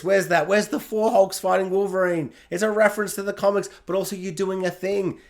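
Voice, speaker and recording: A man casually reviewing a film, excitable and jokey, acting out reactions as he talks. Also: a little high. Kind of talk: casual spoiler review to camera.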